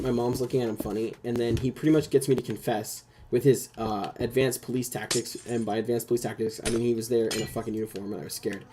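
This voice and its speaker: A man's voice: mid-range voice, mellow, rough recording. A young man hosting a casual chat, telling a rambling personal story full of swearing and fillers. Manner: rambling, swears a lot, heavy use of "like". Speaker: host.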